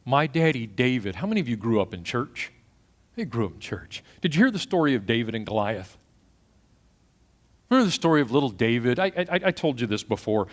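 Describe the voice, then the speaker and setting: This middle-aged Texan pastor's sermon shifts from hushed stories to loud, punchy asides. He talks fairly quickly in a medium-pitched, sing-song male voice.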